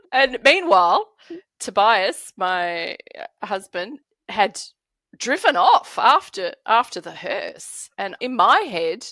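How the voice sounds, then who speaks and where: Speaking extremely slowly with long pauses, a middle-aged woman from Australia tells an animated story as a podcast guest. Her mid-range voice has big pitch swings and a sharp tone, and she laughs often while acting out the characters' voices. There's no echo.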